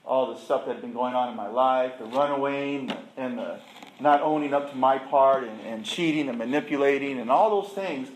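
A man's voice: mid-range voice, brisk, a little hiss or hum. A middle-aged man sharing his recovery story at a support meeting, plainspoken and self-deprecating, acting out past conversations. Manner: plainspoken and self-deprecating, acts out dialogue with laughter. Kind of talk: candid personal testimony to a group. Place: meeting room with an audience. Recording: roomy room echo with faint ambience.

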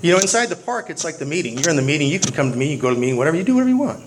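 A man tells a funny story about himself to a recovery meeting, talking quickly in a slightly high voice. The recording carries a clear hiss of noise throughout. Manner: humorous, self-deprecating, animated. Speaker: speaker sharing at a recovery meeting.

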